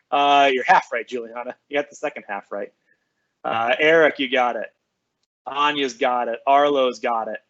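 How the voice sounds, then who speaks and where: An upbeat male school librarian chats on a live stream, reading out viewers' names and answering their comments one by one. His voice sits at an ordinary middle pitch. The sound is slightly dull and lo-fi. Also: a little slow, pauses often, a bit bright. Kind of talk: casual live-stream chat with students.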